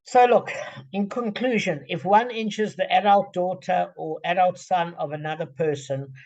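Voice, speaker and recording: A man's voice: high-pitched, moderate pace, darkish tone, lo-fi sound. A man leading a group through a Talmud page, thinking aloud with many fillers and restarts over a video call. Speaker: Talmud study leader. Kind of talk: explaining a Talmud page to friends.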